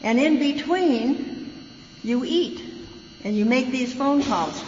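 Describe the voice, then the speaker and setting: A woman's voice: high voice, slow pace, darkish tone. A woman with an American accent giving a frank, folksy personal recovery talk as a guest speaker at a meeting. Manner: folksy storytelling, frank and plainspoken. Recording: dull, echoey hall recording with hum.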